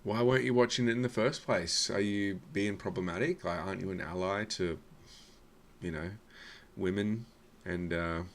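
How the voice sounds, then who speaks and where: A man's voice: sits low, moderate pace. A man giving casual sarcastic commentary as a reaction video host, swearing and muttering asides.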